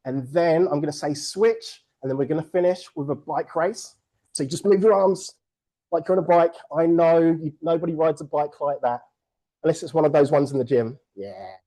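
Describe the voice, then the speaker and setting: A person hosting a virtual book launch over a video call, energetic and playful, joking with the audience. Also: mid-range voice, moderate pace, poor audio. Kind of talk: upbeat event hosting.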